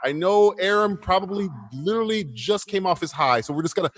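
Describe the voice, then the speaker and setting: A man's voice: high voice, expressive, a little fast, a bit bright. A man hosting a casual livestream talk show, running a quiz game with rowdy joking, frequent swearing and stammered restarts. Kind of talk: casual profane livestream banter.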